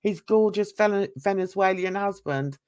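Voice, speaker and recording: A woman's voice: medium pitch, measured pace, darkish tone. A woman hosting casual reaction commentary, chatty and gossipy, laughing often. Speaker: commentary channel host.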